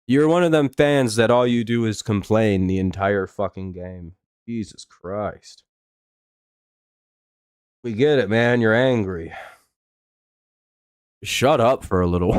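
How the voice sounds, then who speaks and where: A man's voice: mid-range voice, a little mellow, no room sound, studio quality. A young man hosting a live baseball watch-along stream, chatting casually and ranting with heavy swearing at negative chatters. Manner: profane, exasperated ranting at chatters. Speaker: livestream host.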